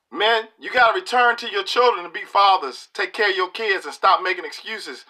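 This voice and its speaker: A middle-aged political video commentator delivers a preachy, emphatic monologue to camera, speaking colloquially and repeating lines for impact. His voice is high, bright and forceful.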